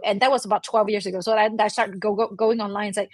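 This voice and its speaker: A woman's voice: mid-range voice, fairly even intonation, fast, hardly any pauses, no echo. Chatty woman with a dry close sound. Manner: chatty, many "you know" and "right?", laughs often. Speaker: guest, delegation expert. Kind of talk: conversational interview.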